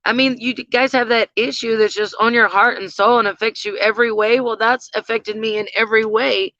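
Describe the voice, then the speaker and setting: Bright-voiced chatty woman vlogger. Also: a little high, steady tone, fairly quick, no room sound. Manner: chatty, gushing, lots of fillers. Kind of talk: casual chat to viewers. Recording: slightly dull lo-fi sound.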